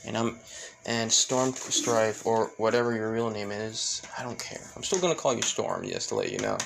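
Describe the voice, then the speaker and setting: A man's voice: on the low side, very animated, normal speed, vocal fry. A man retells a fan story casually and off the cuff. He rambles with many fillers and keeps correcting himself. A faint background noise runs underneath.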